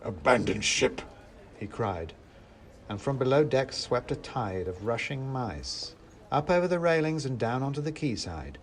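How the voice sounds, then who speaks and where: Lively, wry male storybook narrator. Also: mid-range voice, moderate pace, slight background noise.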